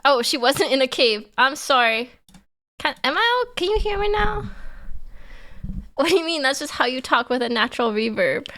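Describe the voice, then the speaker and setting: A woman's voice: high voice, big pitch swings, moderate pace, bright, forceful tone. A young woman streaming, chatting casually and reading her chat aloud in a bubbly, giggly way.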